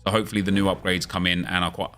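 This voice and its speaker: A man's voice: low-pitched, level tone, bright, forceful tone, soft background music. A man hosting a gaming livestream, chatting casually with viewers and switching into an upbeat video-host delivery. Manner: chatty, quick back-and-forth with viewers, hype intro energy.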